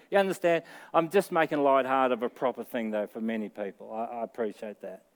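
A middle-aged Australian man delivers a sermon from the pulpit. He talks in a casual, conversational way, then lifts into earnest, emphatic peaks on his key points. His voice sits at an ordinary pitch for a man. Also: a little fast, hardly any pauses. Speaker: pastor.

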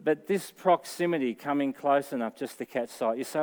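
Preaching from the pulpit, a middle-aged Australian pastor keeps things conversational and casual but swells into earnest emphasis on the points that matter most. He speaks at a normal speed with hardly any pauses, his voice at a typical pitch for a man.

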